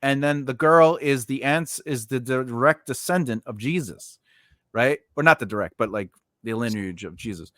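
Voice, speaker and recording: A man's voice: mid-range voice, normal speed, fairly bright tone, dry recording. Man, podcast host, rambling storyteller, video call, dry close sound. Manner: rambling storyteller, many fillers and restarts. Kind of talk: casual chat.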